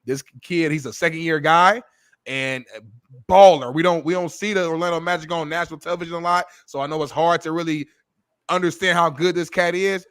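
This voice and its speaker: A man's voice: on the high side, fairly even intonation, a little fast, fairly bright tone, clean tone, dry recording, studio quality. A man co-hosting a sports talk show, arguing emphatically and swearing as he makes his case. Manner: emphatic, swears, argues point by point. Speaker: co-host.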